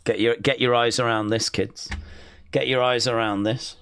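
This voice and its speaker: A man hosting a live watch-along stream, chatting casually, reading out viewer comments and calling the action with sudden excitement. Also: medium pitch, normal speed, clear, resonant tone, no echo, clean studio sound. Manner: excitable, chatty, reads chat aloud.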